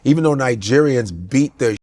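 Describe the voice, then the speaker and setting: A middle-aged man co-hosting a podcast, talking in an animated, ranting way with incredulous outbursts. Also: medium pitch, a little fast. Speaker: podcast co-host. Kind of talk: casual comedic chat.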